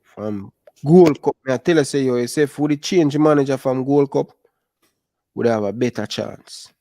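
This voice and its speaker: A young adult man with a Jamaican accent, chatting casually about football in animated patois. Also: mid-range voice, moderate pace, no room sound. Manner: animated, speaks Jamaican patois and calls listeners brother. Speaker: football channel host. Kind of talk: casual chat.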